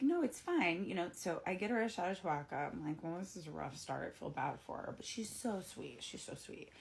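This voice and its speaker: Woman, 30s, deep-ish voice, casual storytime delivery, animated when quoting people. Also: gravelly. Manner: chatty, animated quoting of others, lots of "like". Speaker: bartender.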